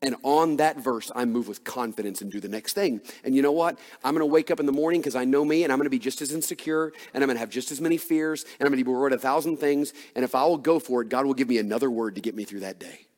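A man's voice: mid-range voice, fast, hardly any pauses, a little mellow, long reverb tail. A man preaching a sermon as a pastor, earnest and personal, repeating key phrases for emphasis.

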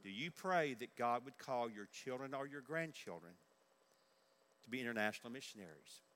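A man's voice: medium pitch, animated, moderate pace, fairly bright tone. An older man preaching a sermon in earnest, repeating his key questions for emphasis. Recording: echoey large hall.

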